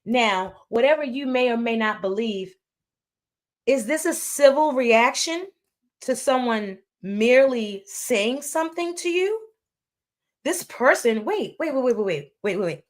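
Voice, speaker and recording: A woman's voice: fairly high pitch, lively intonation, unhurried. A woman doing casual live-stream commentary, talking emphatically, repeating phrases and slipping into preachy asides. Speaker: livestream commentator. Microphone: streaming setup.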